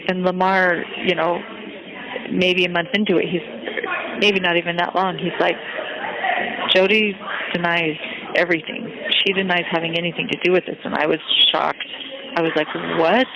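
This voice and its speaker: A woman on a recorded phone call, talking haltingly and searching herself, with many restarts. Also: fairly low pitch, flat delivery. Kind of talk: confessional phone conversation. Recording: phone call with crowd noise.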